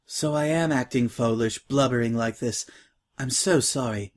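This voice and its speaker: A man's voice: medium pitch, normal speed, natural voice. A man voicing a timid, prim young filly who speaks politely and formally, hesitant and tearful.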